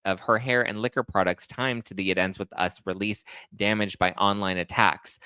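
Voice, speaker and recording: A man's voice: lowish voice, fairly even intonation, moderate pace, few pauses, sharp tone, clear, resonant tone, no echo. A man hosting a gossip commentary show, reading articles aloud and ranting at them sarcastically, getting more and more worked up.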